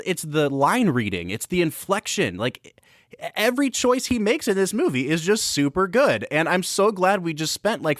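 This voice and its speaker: A man's voice: a little high, fairly bright tone, dry recording, clean studio sound. A man co-hosting a film and whiskey podcast, talking through a movie in casual, enthusiastic, analytical chat. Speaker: podcast co-host.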